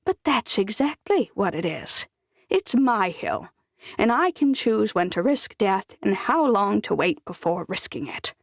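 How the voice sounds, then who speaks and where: A woman's voice: mid-range voice, very animated, measured pace, creaky, no room sound, clean studio sound, full character voice. A woman voicing a feisty, bossy older lady. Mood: defiant. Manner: bossy, blunt, teasing.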